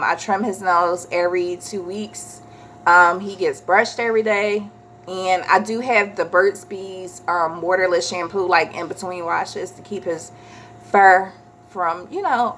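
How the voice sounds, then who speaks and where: A woman, chatting casually as a vlogger and telling a story with animated quoted voices. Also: mid-range voice, a little hiss or hum.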